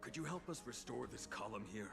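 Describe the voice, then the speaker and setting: A man's voice: mid-range voice, expressive, brisk, gravelly. An actor playing a formal, polite townsman of an ancient city in a video game. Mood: courteous. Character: male townsman of an ancient city, anxious and courteous. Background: game music.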